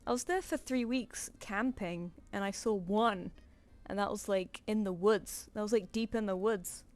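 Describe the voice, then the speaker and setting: A woman's voice: medium pitch, a little mellow. A young woman chatting casually on her drawing stream, laughing often and swearing lightly. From United Kingdom.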